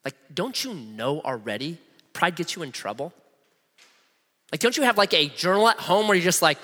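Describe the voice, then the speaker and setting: A man's voice: fairly high pitch, normal speed. A middle-aged man preaching a sermon, telling a story with humor and acting out the voices. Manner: animated, humorous, acts out voices. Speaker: pastor. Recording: long reverb of a large hall.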